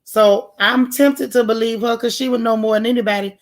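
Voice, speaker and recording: A woman's voice: on the high side, steady tone, a little fast. Chatty woman hosting a live gossip stream. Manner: chatty, folksy, greets viewers one by one. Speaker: livestream gossip show host. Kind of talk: casual live chat with viewers.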